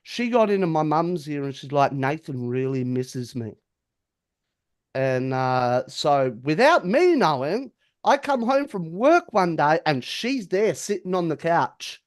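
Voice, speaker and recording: A man's voice: fairly high pitch, very animated, a little slow. A man, a podcast co-host telling a story in casual chat, acting out the quotes and swearing freely.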